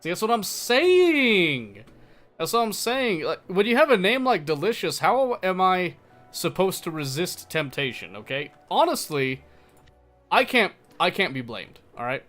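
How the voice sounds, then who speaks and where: Young man, game streamer, casual teasing banter, mock-defensive, slightly high voice. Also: very animated, measured pace, fairly bright tone, faint music behind. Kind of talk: casual live-stream chat while gaming.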